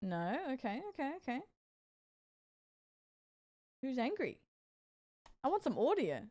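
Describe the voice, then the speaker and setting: A woman streamer with a high, mellow voice chats casually with her viewers, reacting to clips in an unhurried way. Her pitch swings widely, and she laughs a lot and lets out amused exclamations.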